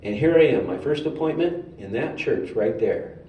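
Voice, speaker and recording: A man giving a sermon in a storytelling way, animated and humorous. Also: mid-range voice, moderate pace, narrow, tinny audio. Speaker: speaker at a spiritual center. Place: hall of a spiritual center. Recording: roomy hall, distant mic, faint noise.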